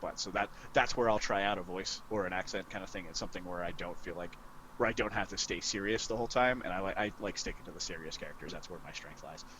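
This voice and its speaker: A man on a casual gaming podcast, relaxed and self-deprecating, laughing often. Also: low-pitched, fast talker, a little hiss or hum, low-quality recording. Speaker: podcast co-host.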